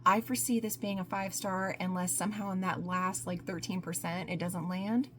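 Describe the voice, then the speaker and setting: A woman talking casually about books in her vlog, gushing and excitable, breaking into squeals and laughter. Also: lowish voice, moderate pace, slight background noise. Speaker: book vlogger. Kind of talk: casual book review vlog.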